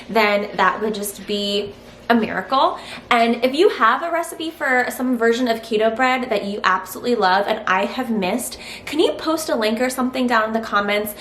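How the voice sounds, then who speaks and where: A woman's voice: fairly high pitch, fairly bright tone. A woman testing a recipe in her home kitchen for a cooking vlog, chatty and frank, thinking aloud as she goes. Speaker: cooking vlogger. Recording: roomy kitchen echo, faint hiss.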